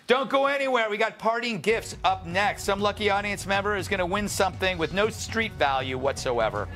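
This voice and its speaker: A man's voice: sits high, animated, fairly quick, over music. A man hosting a late-night comedy talk show, telling a rambling story with self-mocking asides. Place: TV studio with live audience. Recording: studio audience audible. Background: audience laughter.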